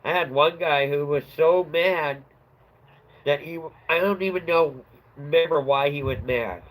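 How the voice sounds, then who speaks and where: Casual host, middle-aged man, a touch high-pitched, rambling storyteller who chuckles often. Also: measured pace, fairly bright tone, rough recording. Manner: chatty, rambling, laughs at his own story. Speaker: livestream host.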